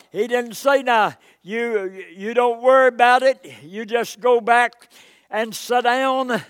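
Male pastor, slow deliberate sermon delivery, high register. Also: no room sound, studio quality. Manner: preaching with swells of loud emphasis and frequent "uh"s.

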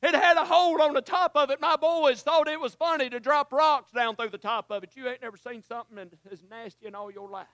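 A male preacher, delivering a sermon that swings from shouts to hushed, emotional asides and calls the listeners honey. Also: extremely high pitch, brisk, hardly any pauses, no room sound, studio quality.

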